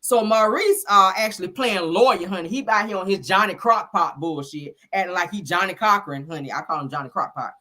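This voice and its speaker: A woman's voice: on the low side, a little fast, few pauses, sharp tone. A woman giving casual commentary on a reality show, sassy and blunt, swearing freely and talking straight to her listeners. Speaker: show recapper.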